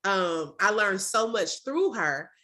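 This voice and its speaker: A woman's voice: medium pitch, animated, slow pace, sharp tone. A woman, a former teacher hosting a casual video-call chat, speaks in an effusive, emotional way and keeps repeating herself for emphasis.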